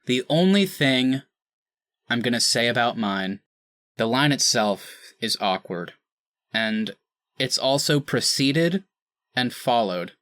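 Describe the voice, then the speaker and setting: A man co-hosting a podcast, chatting casually with animated, jokey delivery and mock outrage. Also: mid-range voice, no room sound. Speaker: podcast co-host.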